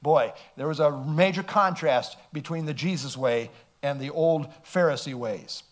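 A man's voice: on the high side, unhurried. A male pastor preaching an emphatic sermon, reading scripture aloud and asking rhetorical questions.

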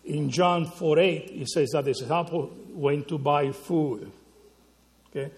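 A man preaching a sermon, teaching slowly and emphatically, often checking in with the listeners with a quick question. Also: fairly high pitch, big-room sound. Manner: slow, emphatic teaching with frequent rhetorical "right?" checks.

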